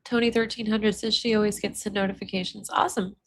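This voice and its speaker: A woman of middling pitch gives casual live-stream commentary. She keeps it loose and chatty. She speaks directly to her audience. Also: level tone, quick pace. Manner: chatty, addresses viewers directly.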